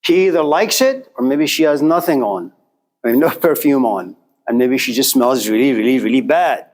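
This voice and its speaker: A man's voice: medium pitch, expressive, moderate pace, a little mellow, poor audio. A man giving a classroom lecture, asking rhetorical questions and answering them himself, with an occasional chuckle.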